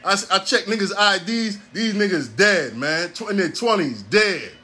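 A man's voice: high-pitched, animated, moderate pace, sharp tone. A man in his forties from Ohio, hosting a casual monologue in a profane, rambling way with a preacher-like cadence. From Ohio, USA. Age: 40s. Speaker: podcast host.

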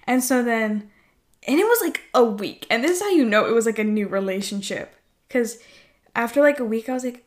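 A woman's voice: on the high side, normal speed. Giggly young woman chatting. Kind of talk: casual chat.

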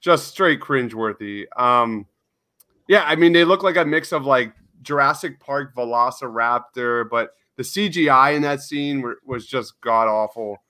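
A man's voice: mid-range voice, unhurried, bright, forceful tone. A man on a casual movie podcast, stammering and exasperated as he talks. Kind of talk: casual chat.

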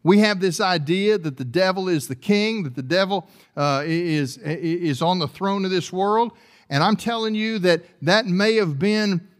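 A man with a notably high-pitched voice delivers a sermon. He tends to repeat and restart words as he goes, and he swings from quiet, low stretches to loud, climbing preaching. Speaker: pastor.

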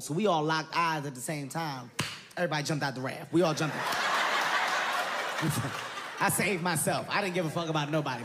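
High-voiced animated stand-up comedian. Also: male voice. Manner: animated, loud bursts, laughing at own story. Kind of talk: stand-up storytelling. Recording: live stage recording with audience noise.

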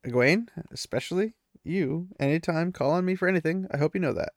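A man's voice: a little high, a little fast, no room sound, studio quality, voice pushed up, close to an everyday voice. A man voicing a polite, courteous young nobleman.

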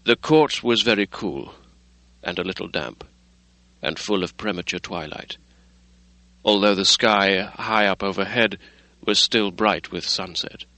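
Man reading an old novel, steady pace, lowish voice, very dry close sound. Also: a little slow, dry recording, low-quality recording. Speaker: audiobook narrator. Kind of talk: audiobook reading.

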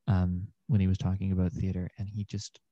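A man's voice: low-pitched, completely flat delivery, a little fast, mellow, dry recording, highs cut off. A young man, an actor and podcast guest, talking through ideas in a thoughtful, meandering way with many fillers. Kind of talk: casual conversation.

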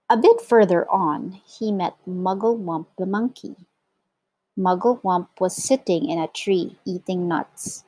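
A woman teacher reading a children's story aloud to her class, slow and expressive. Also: fairly low pitch, no echo.

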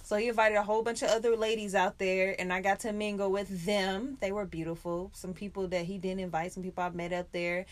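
A woman's voice: medium pitch, flat delivery, a little fast, hardly any pauses, a little hiss or hum. A woman co-hosting a podcast in casual chat, frank and profane, laughing often. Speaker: podcast co-host.

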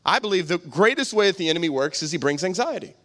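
Pastor, male, emphatic sermon delivery, high voice, asks the room questions. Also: big pitch swings, fast talker, fairly bright tone. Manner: emphatic, repetitive, rhetorical questions.

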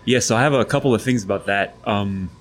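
A man's voice: fairly low pitch, fast, a little hiss or hum. A man who is a geology professor, thoughtfully explaining his interests as a podcast guest. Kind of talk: casual interview answers.

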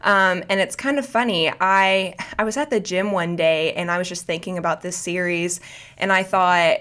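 Woman guest rambling happily on a podcast, kinda low voice, lots of ums. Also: moderate pace, fairly bright tone. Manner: chatty, many fillers and restarts. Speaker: guest, book video creator. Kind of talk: casual podcast chat.

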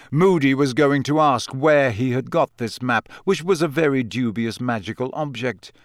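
This is scripted narration: a man reads a novel aloud at an even, measured storytelling pace, working as an audiobook reader. The voice is mid-range, and the recording is dry and of studio quality.

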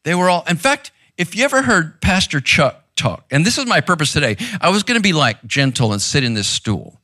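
A man's voice: fairly high pitch, big pitch swings, brisk, pushed and bright, dry recording, clean studio sound. A man preaching a sermon in a conversational, intense way, often checking in with "right?", seated on a stool in a church room. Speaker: pastor.

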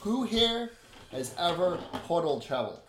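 A man's voice: high-pitched, very animated, normal speed, a bit bright, far from the mic, pitched above the performer's own voice. Man playing upbeat lady mage, chirpy, offhand, roomy sound.

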